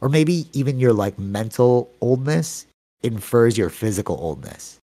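A man in his thirties hosts a relaxed podcast chat, energetic and heavy on "like" and "you know." His mid-range voice has a dark tone and a sing-song lilt, delivered at a measured pace.

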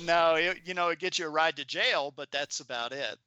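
A man in his seventies, a podcast guest and author, telling animated stories in a chatty interview. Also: on the high side, a little fast, clear, resonant tone, highs cut off. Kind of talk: anecdotal storytelling in an interview.

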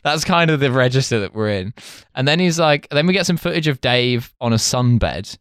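A man's voice: mid-range voice, lively intonation, moderate pace, fairly bright tone, clear, resonant tone, no echo, studio quality. A man, co-hosting a podcast in casual chat, rambling, swearing and mimicking voices. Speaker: podcast co-host.

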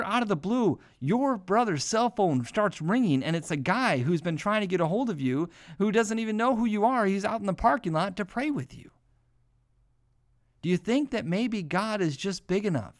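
A man's voice: high-pitched, animated, normal speed. A man hosting a devotional podcast, talking earnestly in a loose, repetitive preaching style and often saying "man". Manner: earnest, repeats himself, says "man" often. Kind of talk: informal spoken devotional.

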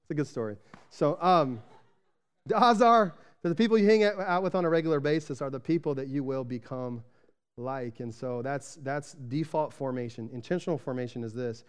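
Smooth-voiced man preaching a casual sermon. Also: mid-range voice, brisk. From Arizona, USA. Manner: casual, chatty preaching with frequent "right?" asides to the congregation; animated storytelling, rising louder when excited. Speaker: pastor.

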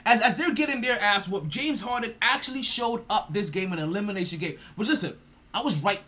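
A man's voice: high-pitched, expressive, a little fast, pushed and bright. A man hosting a sports podcast, ranting in a profane, mocking way and laughing often. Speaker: podcast host.

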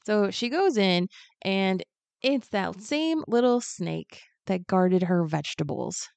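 A woman guest on a podcast, chatting casually and retelling a story in an animated, joking way. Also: mid-range voice, takes it slowly, creaky, no room sound.

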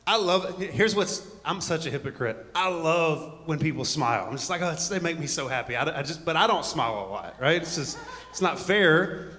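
A man's voice: a little high, expressive, normal speed, bright, forceful tone, long reverb tail. A man preaching a conversational sermon to a congregation, full of joking asides and rambling stories. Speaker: pastor.

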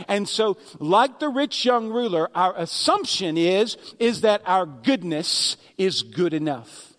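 A man's voice: sits high, lively intonation, a little slow, few pauses, in a large hall. A man pastor delivering a sermon in a conversational preaching manner, with sarcastic asides, in a church sanctuary.

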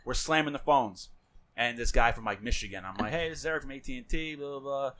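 A man with a Long Island accent rattles through his stories at a quick clip. He is a lively podcast host who jumps into the voices of the people he quotes. His pitch sits in the middle range. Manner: animated storyteller who acts out quoted voices. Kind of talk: casual podcast chat.

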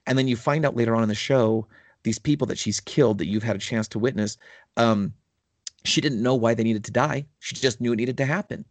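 A man's voice: mid-range voice, brisk, no room sound. A man in casual podcast chat, telling a long story with enthusiasm and many fillers. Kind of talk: casual chat about tabletop gaming.

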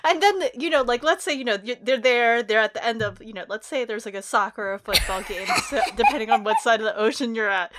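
Young woman co-host, high and bouncy pitch, casual chat, rambling and giggly. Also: lively intonation, fast, few pauses, fairly bright tone, slight background noise. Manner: giggly, rambling, acts out quotes. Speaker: podcast co-host.

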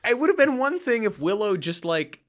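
A male podcast co-host talking casually from his home office. His voice is bright and a little high for a man, and it moves through a wide pitch range as he gets excited. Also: a little fast. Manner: animated, laughs often, rises when excited. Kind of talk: casual chat.

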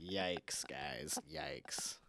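Laid-back podcast guy, super deep voice, jokey, dry close sound. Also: very slow, bright, forceful tone, no room sound. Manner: joking, laid-back, often laughing. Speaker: podcast co-host. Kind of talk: casual podcast chat.

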